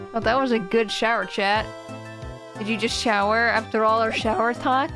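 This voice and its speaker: A woman's voice: a little high, steady tone, normal speed. Playful woman streamer over game music. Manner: playful, exclamatory, laughing. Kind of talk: game playthrough commentary.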